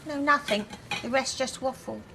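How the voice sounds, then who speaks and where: A woman's voice: sits high, moderate pace, creaky, noisy background. An actress playing a theatre-loving woman at the fire station, speaking in a theatrical, indignant way.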